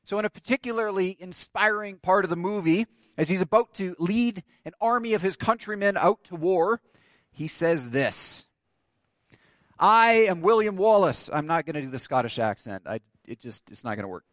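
A man's voice: sits high, a little fast, a bit bright, no room sound. Emphatic man preaching a sermon. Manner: storytelling, building to emphatic declarations. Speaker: pastor.

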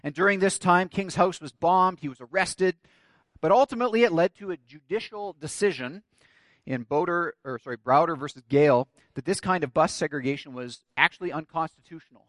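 A man's voice: a little high, fairly quick, a bit bright, no room sound. A man preaching a sermon, telling a story and building to emphatic declarations. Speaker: pastor.

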